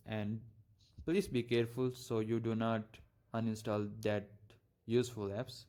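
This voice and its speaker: A young man hosting a tech tutorial, narrating each step casually with halting, stumbling phrasing. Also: on the low side, little pitch movement, darkish tone. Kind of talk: screen-recorded software tutorial.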